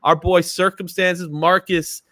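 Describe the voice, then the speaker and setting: This man's voice sits high and sounds pushed and bright, with a level tone and an unhurried pace, recorded without echo. As host of a casual livestream, he's chatty and upbeat, laughs often, greets viewers in the chat by name, and uses fillers such as "you know what I'm saying."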